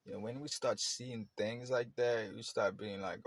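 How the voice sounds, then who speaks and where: A man's voice: on the low side, steady tone, moderate pace, few pauses, no room sound. A man hosting a podcast, talking in a loose, rambling way with many fillers and restarts. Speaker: podcast host. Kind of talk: casual reflective monologue.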